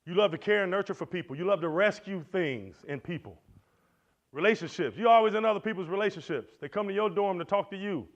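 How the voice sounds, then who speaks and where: Guy preaching to college men, kinda high voice, swings loud then quiet, dull lo-fi sound. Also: quick pace. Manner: animated, preacherly, swings loud and soft with asides. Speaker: conference speaker. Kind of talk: motivational church teaching. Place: lecture hall. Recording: dull lo-fi recording.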